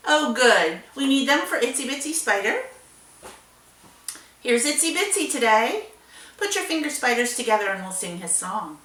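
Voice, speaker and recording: A woman librarian leading a children's storytime, singing finger rhymes and reading a picture book aloud in an animated, sing-song way. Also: sits high, moderate pace, far from the mic. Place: library room. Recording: echoey room, voice a bit off-mic.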